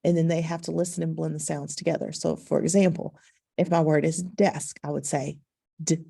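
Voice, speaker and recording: A woman's voice: deep voice, flat delivery, a little fast, gravelly, dark tone, husky. A woman teacher explaining to parents, patient and instructive, with frequent ums. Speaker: second-grade teacher.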